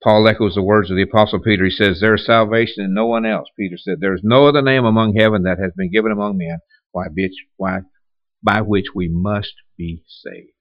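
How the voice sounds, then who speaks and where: Low-voiced man preaching a sermon. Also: steady tone, a little fast, no echo, highs cut off. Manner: conversational preaching with repeated restarts and rhetorical questions. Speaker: pastor.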